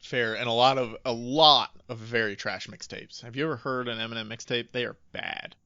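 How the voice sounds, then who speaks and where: Bright, gravelly man on a lo-fi podcast. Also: mid-range voice, a little fast, no echo. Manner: animated, swears freely, reads lyrics aloud. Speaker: podcast co-host. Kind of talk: casual chat breaking down rap lyrics.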